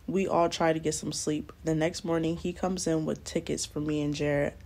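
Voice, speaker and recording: Young woman vlogger, low and fry-heavy, slangy and blunt storyteller. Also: level tone, normal speed, a little mellow. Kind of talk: casual storytime narration. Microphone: close mic, doing nails on camera.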